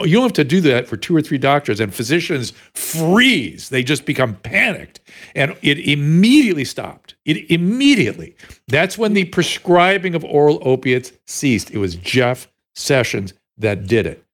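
A man hosting a talk show, telling a story in a casual, animated way with frequent restarts. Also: fairly high pitch, moderate pace. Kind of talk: casual conversational interview.

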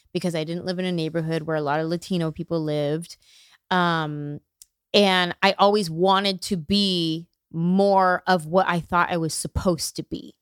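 A young adult woman, a comedian guest, telling candid, animated stories in a casual interview. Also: fairly low pitch, clear, resonant tone, no room sound, clean studio sound.

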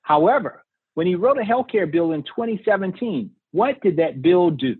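A man's voice: high-pitched, animated, moderate pace, husky, no room sound. Earnest southern man on a tinny line. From South Carolina. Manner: earnest, passionate, folksy. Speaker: political candidate, guest. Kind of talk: remote interview. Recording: tinny phone-like remote line.

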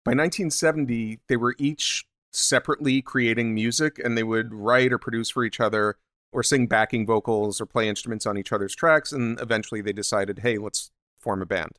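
A man's voice: medium pitch, fairly even intonation, fairly quick, a bit bright, no room sound, clean studio sound. A man co-hosting a podcast in casual chat, laying out a band's history and joking along. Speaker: podcast co-host.

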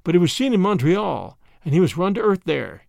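A man voicing a serious, respectful middle-aged son who speaks quietly and evenly. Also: high voice, very animated, a little fast, gravelly, no room sound, clean studio sound, exaggerated voice. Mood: grave.

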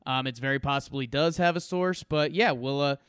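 A man co-hosting a casual sports podcast, chatty and full of quick asides. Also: medium pitch, fairly bright tone, clear, resonant tone, no echo, clean studio sound. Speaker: podcast co-host.

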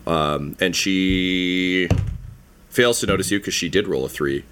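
A man narrating a tabletop game as game master, halting and full of ums. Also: sits low, background noise.

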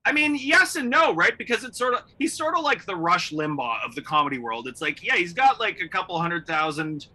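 A man's voice: high voice, very animated, brisk, hardly any pauses, sharp tone. A man hosting a comedy podcast, chatting casually and rambling with frequent laughs. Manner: rambling, laughs often, lots of restarts and "I mean". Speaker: podcast host.

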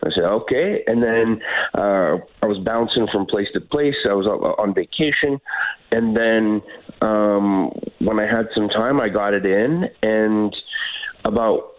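A man from Canada in his thirties, a guest actor on a phone interview, telling stories in a lively, laughing way with frequent restarts. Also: fairly low pitch, a little slow. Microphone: phone line. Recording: tinny phone line.

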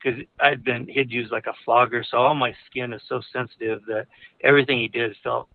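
A man's voice: medium pitch, steady tone, a little fast. Man rambling over a tinny line. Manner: rambling, many fillers and restarts. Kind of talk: casual personal storytelling. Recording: narrow phone-like audio.

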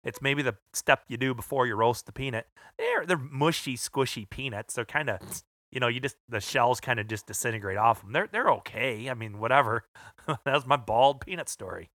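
A man's voice: medium pitch, moderate pace, pushed and bright, no echo, studio quality. A man co-hosting a podcast, chatty as he tells a personal anecdote and laughs along. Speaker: podcast co-host. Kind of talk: casual chat.

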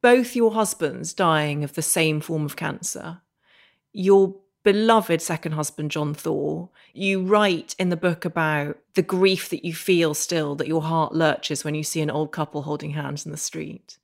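Earnest female interviewer, low voice. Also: fairly even intonation, measured pace, vocal fry. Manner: warm, earnest, long-winded questions. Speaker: podcast host. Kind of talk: interview questions.

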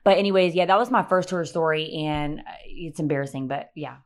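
A young woman telling a personal story in casual, animated chat, swearing and acting out what people said. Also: low voice, quick pace. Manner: animated, swearing, acts out quotes. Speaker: podcast guest telling a story.

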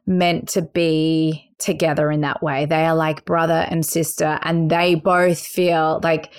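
A woman's voice: low voice, little pitch movement, measured pace, clean tone. Effusive Australian woman podcast host. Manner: effusive, enthusiastic. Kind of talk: casual chat.

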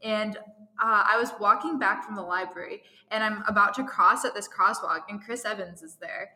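A giggly young woman with a bright, forceful voice, chatting casually as a co-host and reading fan fiction aloud. She rambles with plenty of fillers, and her voice rings in a reverberant room with a long echo. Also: medium pitch, moderate pace. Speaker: podcast co-host.

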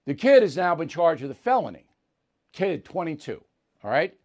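A man delivers blunt political commentary as a show's host. His voice sits a little high and swings up and down a great deal. He leans hard on key words and repeats them for emphasis. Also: sing-song, moderate pace, darkish tone.

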